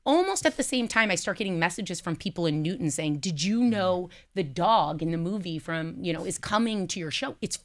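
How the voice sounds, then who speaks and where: Animated Iowa-raised woman, lowish voice. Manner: animated, jokey, quick asides. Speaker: co-host and guest on a talk podcast. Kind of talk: casual chat.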